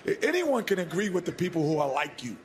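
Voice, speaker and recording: A man's voice: high voice, very animated, fast talker. A man from New York City on a TV studio panel, telling a story with animation. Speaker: TV studio analyst. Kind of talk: television studio panel talk.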